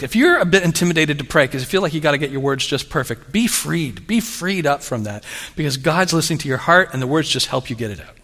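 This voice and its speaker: Bright-voiced male preacher in a hall. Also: a little high. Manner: animated storytelling with humor. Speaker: pastor. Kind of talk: sermon. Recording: long reverb of a large hall.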